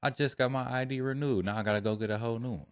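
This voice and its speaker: A man's voice: medium pitch, steady tone, very fast. A man hosting a casual reaction chat, talking in a laid-back, slangy way. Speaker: host.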